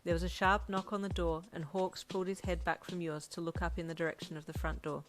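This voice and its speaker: A woman narrating a second-person fanfic story in a steady, even way. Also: on the low side, fast talker, a little hiss or hum, low-quality recording. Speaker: audiobook narrator. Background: faint music.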